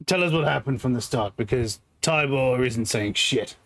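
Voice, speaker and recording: A man voicing a middle-aged male town official who talks in a measured, slightly exasperated way. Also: medium pitch, a bit bright, lightly acted.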